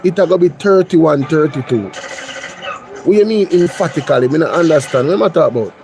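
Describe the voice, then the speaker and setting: A man's voice: a little high, lively intonation, a little fast, darkish tone. Sex: man. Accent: Jamaican. Role: host. Style: reaction commentary, blunt and incredulous. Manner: incredulous, blunt, mixes patois and English.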